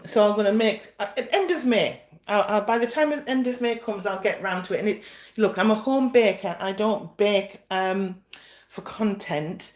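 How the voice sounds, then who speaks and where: A woman hosting a casual live stream as a home baker, chatting in a friendly, self-deprecating way as she shows her work. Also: mid-range voice. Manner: chatty, self-deprecating, restarts and fillers while fetching things. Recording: echoey room.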